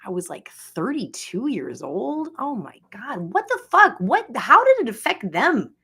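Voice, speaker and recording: A woman from Florida talks slowly in a fairly high voice, rambling through a casual personal monologue. She swears constantly and fills her talk with filler words. Her tone is venting and incredulous. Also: sing-song, gravelly, a bit bright, slightly rough. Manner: rambling and profane, heavy use of filler words. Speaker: podcast host.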